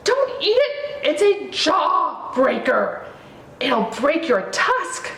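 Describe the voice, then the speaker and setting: A woman voicing a small, anxious talking mouse with a squeaky, high voice. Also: huge pitch swings, extremely slow, gravelly, fairly bright tone, slight background noise, full character voice. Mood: alarmed. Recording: roomy, distant mic, faint ambience.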